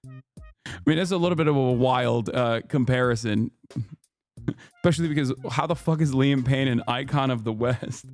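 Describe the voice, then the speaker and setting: A man in his thirties giving sarcastic, incredulous livestream commentary on posts, jumping to sudden high exclamations. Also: moderate pace, faint music behind. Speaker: streamer reacting to posts.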